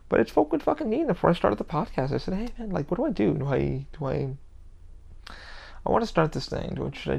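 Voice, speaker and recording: A man's voice: mid-range voice, gravelly, a little mellow, highs cut off. A man hosting his own podcast, talking alone in a rambling, emphatic rant full of swearing. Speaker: podcast host. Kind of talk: casual solo podcast rant.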